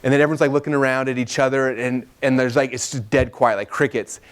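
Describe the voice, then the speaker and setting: A man's voice: medium pitch, clear, resonant tone. A man speaking at a training session, telling stories casually and animatedly, with lots of "like" and quoting himself. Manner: fast and animated, full of "like" and self-quoting. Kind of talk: casual storytelling talk to a live audience.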